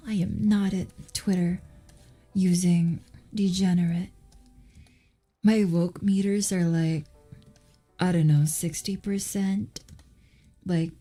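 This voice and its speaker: A woman's voice: lowish voice, dark tone. A woman casually chatting while she draws, rambling and muttering asides as she answers questions from chat. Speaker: streamer drawing while chatting.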